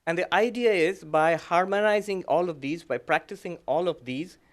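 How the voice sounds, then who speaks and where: A man, a monk, giving a reflective talk that mixes his own story with teaching, speaking gently with frequent fillers and soft laughs. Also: sits high, normal speed. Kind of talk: reflective lecture with personal story.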